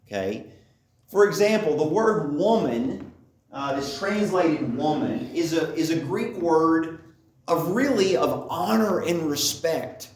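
A man giving a conversational Bible teaching, often checking in with his listeners. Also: a little high. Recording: echoey room.

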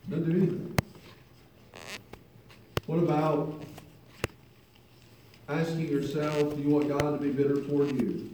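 A man's voice: a little high, flat delivery, a little slow, long pauses, warm tone, slight background noise. A man preaching a sermon in a conversational storytelling manner, making earnest appeals to his listeners. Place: church hall. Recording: very echoey hall, mic at a distance.

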